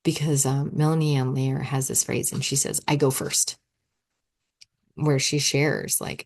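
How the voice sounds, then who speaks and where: Low-voiced chatty woman podcast host. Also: unhurried, creaky, slight background noise. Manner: chatty, animated, acts out her own thoughts in quotes. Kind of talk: solo podcast monologue.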